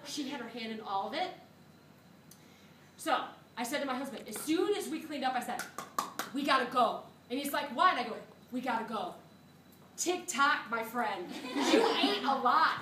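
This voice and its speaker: High-voiced lady teacher telling a story to her class, lots of laughing, echoey room, filmed from the back. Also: normal speed, far from the mic, background noise. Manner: animated, laughing, acts out quotes. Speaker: microbiology teacher. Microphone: phone camera from a student's seat.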